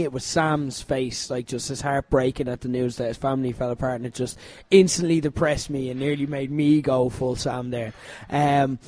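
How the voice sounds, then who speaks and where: A man hosting a podcast, talking in an animated, casual way and swearing freely. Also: a little high, no echo. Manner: animated, swearing, laughing often. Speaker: podcast host. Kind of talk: casual chat.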